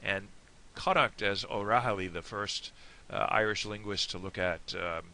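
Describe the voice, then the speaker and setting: A man's voice: lowish voice, moderate pace, bright, forceful tone. A man with an American accent giving a casual, digressive video lesson. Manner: chatty, digressive. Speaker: Irish language teacher.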